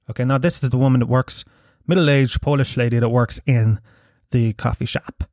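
A man's voice: medium pitch, fairly even intonation, moderate pace, a little mellow, no echo, clean studio sound. A man with an Irish accent hosting a casual solo podcast, rambling, jokey and full of swearing. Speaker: podcast host.

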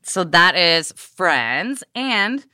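A woman's voice: on the low side, very animated, extremely slow, sharp tone, no echo, clean studio sound. A woman co-hosting a podcast, chatting in a playful, teasing way. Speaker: podcast co-host. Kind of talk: casual chat.

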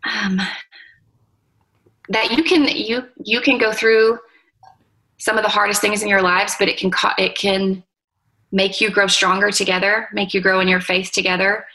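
A woman in her thirties, an interview guest and mother, speaking softly and reflectively with many pauses. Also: mid-range voice, flat delivery, low-quality recording. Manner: soft-spoken, tender, reflective with pauses and fillers. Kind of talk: emotional interview conversation.

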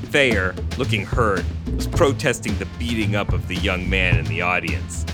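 A man's voice: low voice, normal speed, music in the background. A man co-hosting a podcast who reads a story aloud and chats casually, laughing often. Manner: animated, laughs often while reading. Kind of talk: casual chat and story reading.

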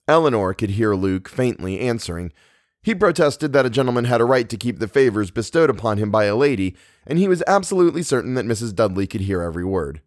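A man reading a novel aloud as a narrator, measured and expressive. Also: fairly low pitch, no room sound, studio quality. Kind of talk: audiobook reading.

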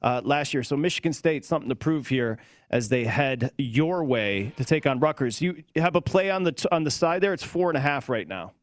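A man co-hosting a college football betting show, briskly setting up games and tossing questions to his partner. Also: medium pitch, expressive, no echo, clean studio sound. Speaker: co-host. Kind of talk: sports betting talk show chat.

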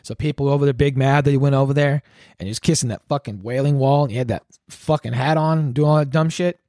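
A man's voice: mid-range voice, fast talker, a little mellow, no room sound, clean studio sound. A man hosting a podcast alone, ranting in a profane, rambling, sarcastic way. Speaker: podcast host. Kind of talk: solo ranting commentary.

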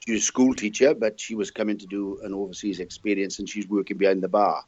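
Older Welsh guy, jovial storyteller, lowish voice, dry dull lo-fi take. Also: level tone, quick pace, darkish tone, no echo. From Wales. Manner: chatty, jovial anecdote teller. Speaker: guest. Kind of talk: casual interview storytelling.

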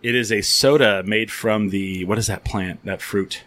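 A man's voice: lowish voice, steady tone, normal speed, fairly bright tone. A man hosting a podcast, telling rambling stories in casual chat, full of restarts and freely swearing. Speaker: podcast host.

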